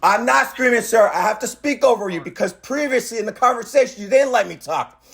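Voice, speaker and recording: A man's voice: sits high, lively intonation, fairly quick, gravelly. A man on speakerphone arguing insistently, repeating himself and talking over the other person. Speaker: caller. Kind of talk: heated phone argument.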